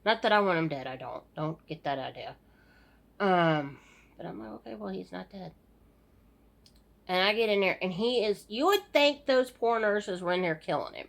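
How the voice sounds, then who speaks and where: A woman's voice: on the low side, animated, normal speed. A middle-aged woman giving a casual, rambling personal video update, weary and sighing often, with many restarts. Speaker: vlogger. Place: home at night.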